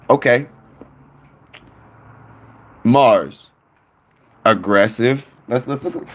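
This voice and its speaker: A man's voice: medium pitch, lively intonation, measured pace, pauses often, slightly rough. A man telling a rambling, profane story to viewers on his phone stream.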